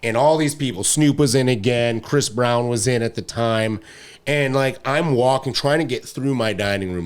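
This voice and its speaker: Guest chef from Detroit, thirties, relaxed chat, laughs easily, mid-range voice. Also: male voice, mid-range voice, normal speed. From Detroit, USA. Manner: laughs often, trails off and restarts sentences. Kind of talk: casual chat.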